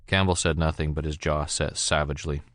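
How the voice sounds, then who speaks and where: A man reading a novel aloud as an audiobook narrator in steady storytelling. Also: rumbling low, a little fast, dry recording, studio quality. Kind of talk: scripted narration.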